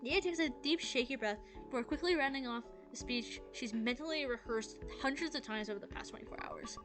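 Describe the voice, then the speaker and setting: Let's play host, woman, casual reader, slightly high voice, game music behind. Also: brisk, few pauses. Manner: casual, with fillers and restarts. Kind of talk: reading a visual novel aloud with commentary.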